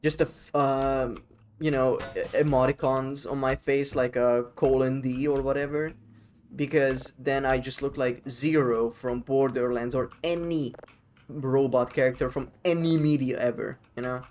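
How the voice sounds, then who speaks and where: A man's voice: medium pitch, steady tone, a little slow, darkish tone, slight background noise. Rambling, casual male game streamer. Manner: rambling, swears freely, answers chat. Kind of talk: casual live-stream chat while gaming.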